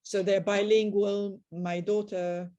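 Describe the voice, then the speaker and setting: A woman's voice: mid-range voice, flat delivery, slow, dark tone, dull audio. An older woman telling family anecdotes on a group video call, often quoting past conversations. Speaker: guest.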